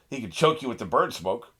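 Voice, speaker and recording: A man's voice: medium pitch, sing-song, normal speed, fairly bright tone, slightly rough. A man reacting to an anime episode in casual commentary, getting worked up, laughing often and swearing at the characters on screen. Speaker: reaction channel host.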